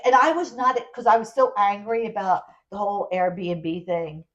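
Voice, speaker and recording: A woman co-hosting a podcast, telling a travel story in casual chat, animated and full of restarts. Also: medium pitch, normal speed, highs cut off. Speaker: podcast co-host.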